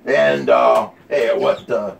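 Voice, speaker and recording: A man's voice: medium pitch, slow pace, vocal fry, noisy background. A man co-hosting a playful cocktail show as a pirate captain, hesitant and joking, with many fillers. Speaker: co-host playing a pirate captain.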